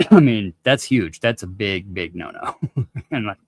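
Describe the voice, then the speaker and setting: A man's voice: lowish voice, expressive, slow, no room sound, studio quality. A man telling a long story in casual chat, laid-back and slangy, swearing freely.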